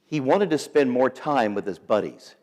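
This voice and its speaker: Animated storytelling preacher in an echoey hall. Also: male voice, medium pitch, normal speed. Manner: animated, playful, acts out the people in his story. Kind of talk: sermon told as a comic story. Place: school chapel or auditorium.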